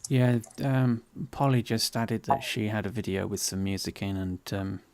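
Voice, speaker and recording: Low gravelly man, hesitant. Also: moderate pace, a little mellow. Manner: hesitant, many ums and restarts. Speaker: 3D tutorial host. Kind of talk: casual screen-share chat.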